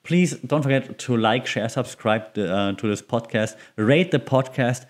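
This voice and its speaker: A man's voice: medium pitch, measured pace. A middle-aged German man with a German accent hosts a solo podcast, chatting loosely and teasing himself with frequent laughs. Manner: chatty, self-mocking, laughs often. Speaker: podcast host.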